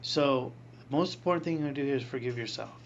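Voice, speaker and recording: A man in his sixties, a priest, telling a personal story in an interview, animated, acting out voices and laughing often. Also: mid-range voice, fast talker, muffled recording, a little hiss or hum.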